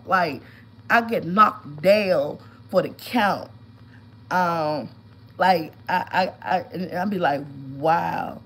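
A woman's voice: mid-range voice, lively intonation, takes it slowly, slight background noise, rough recording. A woman in her fifties with a head cold, sniffling and stuffed up, telling a long story while lying at home during a casual live stream and greeting viewers by name. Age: 50s.

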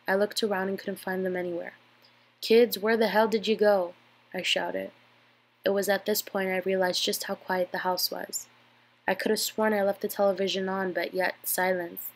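A woman with a nasal, stuffed-up voice from a cold, reading a scary story aloud. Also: mid-range voice.

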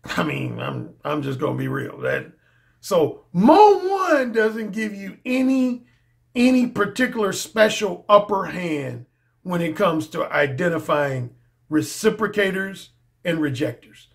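A male dating coach talking straight to camera in a casual monologue. His voice sits fairly high for a man, and he hammers his points home emphatically, repeating phrases in relaxed slang. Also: measured pace, gravelly.

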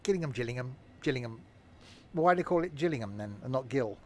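A man gives casual, rambling gameplay commentary, cracking jokes and muttering to himself. He talks at an ordinary pitch, and a faint train hum runs behind him. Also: lively intonation, fast. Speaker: game streamer.

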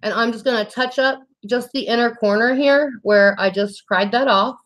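A young woman hosting a casual makeup livestream, reading viewer comments aloud and talking in a warm, teary, laughing way. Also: a little high, normal speed. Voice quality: emotional, teary and laughing, says y'all.

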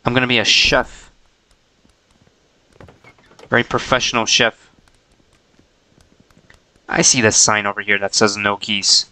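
Bright, crisp-voiced male game streamer. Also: lowish voice, fairly even intonation, unhurried, long pauses, rough recording. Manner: playful, chuckling, talks to himself. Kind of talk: casual gameplay chatter.

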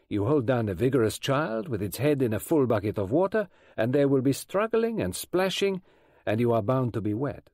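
A man voicing a fussy elderly male detective, speaking precisely, gently and in a measured way in an audiobook. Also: medium pitch, no echo, clean studio sound. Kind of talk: audiobook character voice.

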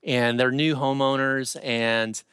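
A man's voice: mid-range voice, slow pace, smooth, no room sound, clean studio sound. A middle-aged man preaching a sermon as pastor, talking in a loose, conversational way and often restarting words. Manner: conversational and animated, with many repeated starts.

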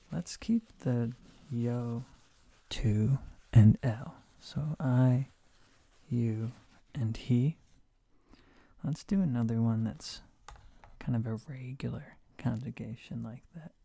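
A man in a whispered role-play as a Spanish teacher, soft and sleepy, slipping in deadpan jokes, hoarse from a sore throat. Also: medium pitch, slow, long pauses. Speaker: streamer playing a Spanish teacher.

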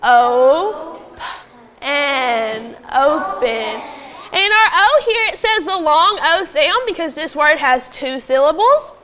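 A woman teaching a phonics lesson to young pupils in a classroom, patiently prompting them and sounding out words slowly. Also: very high-pitched, sing-song, pushed and bright, a little hiss or hum. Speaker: elementary school teacher.

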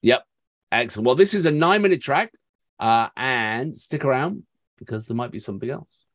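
A man with a husky voice whose pitch moves around a lot, introducing tracks and answering his co-host with quick agreement and easy laughter. The sound is close and dry, with no room around it. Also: animated, no echo. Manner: laughs easily, short agreeing replies. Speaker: reaction video co-host. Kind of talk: casual chat.

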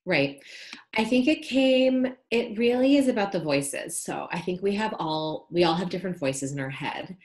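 A woman's voice: fairly low pitch, expressive, normal speed, darkish tone. A woman, a podcast guest talking earnestly and reflectively in a casual interview. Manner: earnest, reflective, uses like and you know.

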